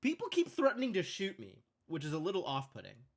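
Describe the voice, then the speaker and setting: A man's voice: sits high, huge pitch swings, a little fast, gravelly. Musing male game streamer. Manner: thinking aloud, musing. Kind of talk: live game commentary.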